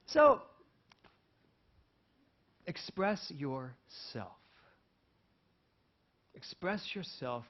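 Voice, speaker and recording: A pastor with a mid-range voice shares a personal anecdote during his sermon, captured on a dull lo-fi recording. He plays the characters with animation and laughs between his lines.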